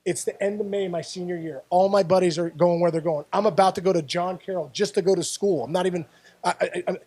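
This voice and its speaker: A man's voice: high voice, fast talker. A man from the Pittsburgh area, a former baseball player, telling stories as a guest in an interview, full of repeats and restarts. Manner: animated storyteller, repeats words and restarts. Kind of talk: storytelling interview.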